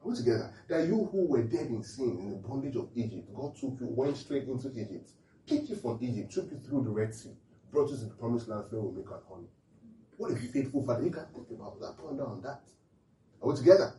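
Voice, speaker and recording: A man's voice: medium pitch, quick pace, reverberant, far from the mic, rough recording. A man preaching a humorous sermon, laughing often and checking in with his listeners. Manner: animated, laughing often, asks the audience questions.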